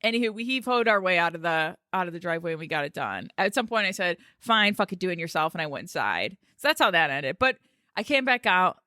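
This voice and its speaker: A woman's voice: fairly low pitch, sing-song, quick pace, bright, forceful tone, dry recording, clean studio sound. A woman, co-hosting a podcast and telling a story in casual chat, swearing and laughing. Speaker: podcast co-host.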